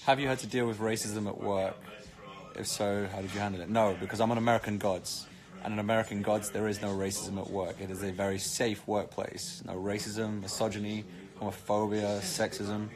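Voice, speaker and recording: A man's voice: fairly low pitch, little pitch movement, brisk, crowd noise. A British man chatting casually on a live stream, reading comments with cheeky, joking banter. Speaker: actor streaming live to fans.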